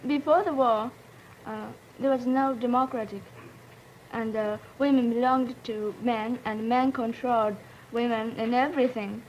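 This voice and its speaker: A young woman from Japan with a Japanese accent, speaking halting English and searching for words on a 1950s radio panel. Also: on the high side, fairly even intonation, a little mellow, a little hiss or hum. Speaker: student delegate on a panel. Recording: dull vintage broadcast audio.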